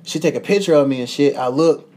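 A young man, a podcast host telling a profane, animated travel story in casual chat, laughing often. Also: a little high, fast talker, slight background noise. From United States.

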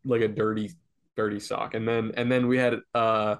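A man's voice: on the low side, little pitch movement. Easygoing young male podcast co-host. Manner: easygoing, chatty, halting. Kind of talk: casual podcast chat.

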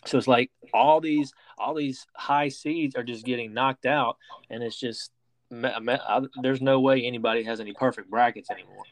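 A man hosting a sports podcast, rambling through topics with plenty of restarts and fillers. His voice sits at a middle pitch and is recorded dry and close, with no room sound. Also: steady tone, normal speed, no echo. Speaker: podcast host. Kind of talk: casual sports talk.

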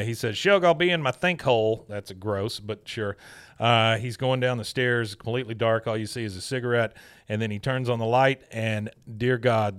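A man's voice: fairly low pitch, a bit bright, smooth. A man hosting a podcast, recapping a cartoon episode in an easygoing, chatty way. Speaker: podcast host.

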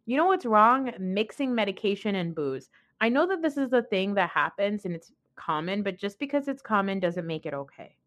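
A woman's voice: mid-range voice, sing-song, moderate pace, hardly any pauses, fairly bright tone. Blunt, opinionated woman podcast host. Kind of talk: casual recap commentary.

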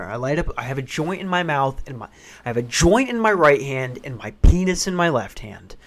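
A man telling a funny personal story in casual, profane, animated style. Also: medium pitch. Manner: profane, animated, acts out voices, rushes when excited.

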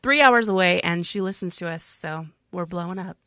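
Bright-voiced upbeat woman co-host. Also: lowish voice, moderate pace, no room sound, clean studio sound. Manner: upbeat, reads out viewer comments. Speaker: podcast co-host. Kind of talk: casual chat on a live stream.

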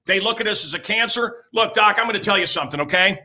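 A man in his sixties hosting a talk show, his voice pitched high with a hard, piercing edge. He rants in an emphatic, rambling monologue, repeating lines for effect. The delivery is crude and at times breaks into shouting. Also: fast. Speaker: radio host.

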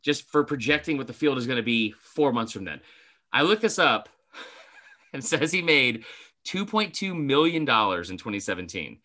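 Young male podcast co-host: bright, bouncy, swears casually. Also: mid-range voice, moderate pace. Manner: animated, swearing, laughs a lot. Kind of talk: casual chat.

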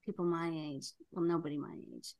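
A woman's voice: deep voice, fairly even intonation, fairly quick, mellow. Older woman telling a story with laughter. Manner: storytelling, frequent fillers, laughs while telling. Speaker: guest. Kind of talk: casual podcast chat.

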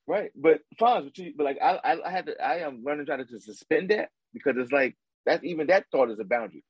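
A man with a high, husky voice rants through casual sports talk and keeps repeating his point. His speech is full of slang. The recording is dry and close. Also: fast talker, no echo, highs cut off. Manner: animated, ranting, repeats himself, slangy. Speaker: podcast co-host.

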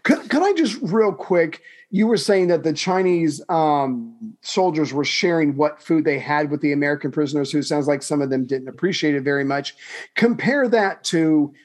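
A man's voice: on the high side, lively intonation, moderate pace. A man co-hosting a casual history podcast, joking and rambling in a playful way. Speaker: podcast co-host.

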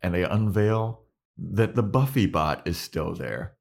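Deep-ish guy podcast cohost, chatty recap, voice jumps all over doing the scenes. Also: lively intonation, measured pace, gravelly. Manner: retells scenes, acting out lines with pitch jumps and swearing. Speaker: podcast co-host. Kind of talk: casual recap chat.

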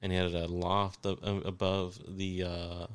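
A man's voice: sits low, monotone, a little slow, smooth. A young man in casual podcast chat, laid back and profane, telling stories.

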